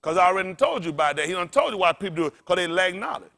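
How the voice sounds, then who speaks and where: A man's voice: high-pitched, big pitch swings, very fast, creaky. A man preaching a sermon as pastor, blunt and profane, drawing answers from the congregation and often laughing. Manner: loud call-and-response preaching, blunt and profane.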